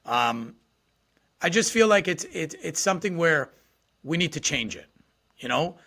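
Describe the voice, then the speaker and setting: A man's voice: on the high side, expressive, measured pace, pushed and bright. A man in a casual podcast chat, talking with lots of "you know" and "right?" fillers.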